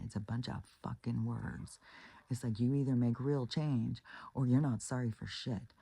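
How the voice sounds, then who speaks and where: A woman's voice: a bass voice, dark tone, breathy edge. A woman giving relationship advice in a casual monologue, blunt and profane, retelling stories with acted-out quotes.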